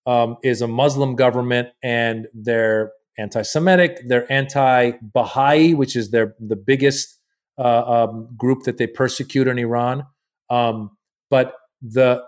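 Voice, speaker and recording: A man, a comedian guest, telling a long story in a casual podcast chat, acting out the people he quotes in a loose, profane way. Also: medium pitch. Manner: animated, acts out quoted people.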